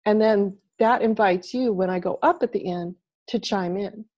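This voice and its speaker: A woman guest talking casually as a body language expert over a video call, animated and playing out little quoted voices. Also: medium pitch, normal speed. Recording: dull lo-fi video call audio.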